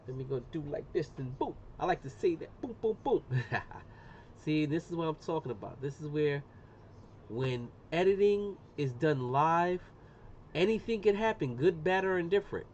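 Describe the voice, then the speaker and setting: A middle-aged man with a slightly high voice, talking loosely and full of slang as he walks his live viewers through a job. The sound is muffled and lo-fi, with a faint hiss of room noise behind him. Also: normal speed, a little mellow. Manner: chatty, slangy, says "boom" often. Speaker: livestreamer doing laser engraving. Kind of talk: casual live-stream demonstration.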